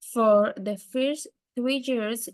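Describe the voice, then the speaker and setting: A woman, a student, reading a text aloud carefully and haltingly, with small slips. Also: fairly high pitch, steady tone, a little mellow, dry recording.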